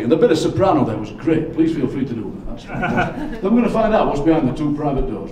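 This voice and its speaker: An older man performing for a live audience as a poet, with playful, deadpan, self-mocking stage patter. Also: on the high side, fast, hardly any pauses, a crowd in the background. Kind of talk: comic stage patter leading a singalong. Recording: echoey hall from far off with audience.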